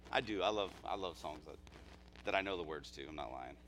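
A male pastor preaching at a church service, impassioned, dropping to quiet asides and then rising to near-shouts. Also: low-pitched, animated, brisk, background noise. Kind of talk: live sermon.

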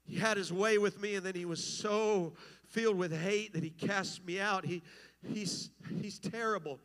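A man preaching voices a wronged young woman, pleading and halting as he repeats himself. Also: high-pitched, steady tone, fairly bright tone. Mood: distraught pleading.

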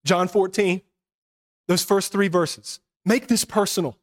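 A pastor preaching a sermon, earnest, moving between hushed and emphatic passages. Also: male voice, sits high, fairly even intonation, a little slow.

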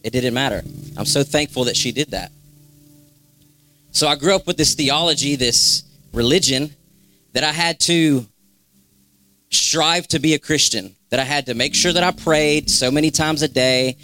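A man's voice: fairly high pitch, normal speed, long pauses, sharp tone, faint music behind. A young man giving a spontaneous, fervent exhortation in a church, repeating phrases for emphasis. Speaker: church member sharing a word. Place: church sanctuary.

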